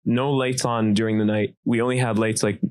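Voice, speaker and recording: A man co-hosting a podcast, telling a childhood story in a casual, animated way with lots of fillers. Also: on the low side, fairly quick, smooth, no echo. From Dubai. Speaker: podcast co-host.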